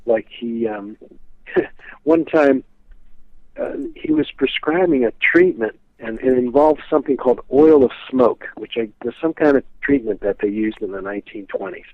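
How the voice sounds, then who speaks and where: Heard over a dry, tinny phone line with no room sound, this man speaks at a normal pace in a mid-range voice. As the guest expert on a historical psychic, he tells rambling stories, leaning on "you know" and frequently restarting.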